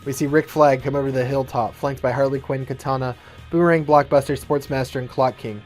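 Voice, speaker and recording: A man's voice: mid-range voice, steady tone, brisk, faint music behind. Man narrating a fan-written action script. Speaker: storyteller.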